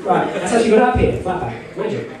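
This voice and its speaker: A man's voice: sits high, very animated, fast talker. A man running a live text adventure as game master, narrating theatrically and joking with the audience. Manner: theatrical, wry and joking, repeats a set catchphrase. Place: convention hall with an audience. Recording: echoey hall, from far off, crowd noise.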